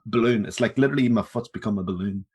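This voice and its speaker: A man's voice: fairly low pitch, fast, darkish tone, husky. A man co-hosting a movie podcast, chatting in a laid-back way, swearing and laughing easily. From Northern Ireland. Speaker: podcast co-host. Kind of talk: casual chat.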